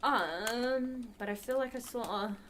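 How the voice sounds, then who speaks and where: A woman's voice: fairly high pitch, slow, fairly bright tone, slight background noise. Chatty woman streaming a game. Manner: chatty, talks to the chat while playing. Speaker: livestream host. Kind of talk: casual gameplay commentary.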